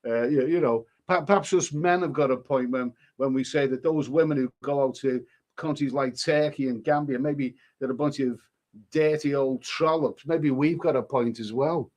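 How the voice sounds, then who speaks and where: A man's voice: medium pitch, moderate pace, a little mellow. A man chatting casually on a live stream, reading out comments and rambling with frequent stumbles and repeated words. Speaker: livestreamer reading chat comments.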